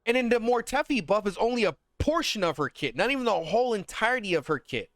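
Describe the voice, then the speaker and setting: A man ranting in casual, slangy talk as a gaming content creator, heated and animated, swearing freely. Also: high-pitched, fast talker, no room sound, clean studio sound.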